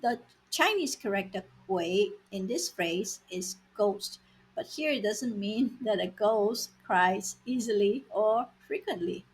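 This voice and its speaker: A woman teaching vocabulary in a scripted lesson, saying words slowly and repeating them for learners. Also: medium pitch, expressive, husky, low-quality recording. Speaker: language teacher.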